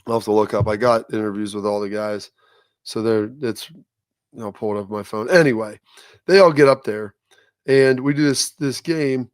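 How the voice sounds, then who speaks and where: A man's voice: on the low side, steady tone, moderate pace, dry recording. A man hosting a show, telling a rambling casual story with restarts. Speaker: show host. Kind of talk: casual chat.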